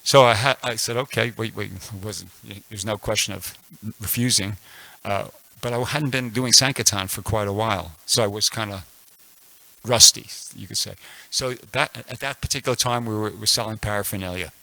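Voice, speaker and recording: A man in his sixties speaks at a temple class, his voice bright and forceful, sitting a little low. He talks loosely, doubling back over his words and filling pauses as he tells a story. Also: creaky, no echo, low-quality recording. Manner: rambling, frequent restarts and fillers. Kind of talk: casual spoken scripture class with personal story.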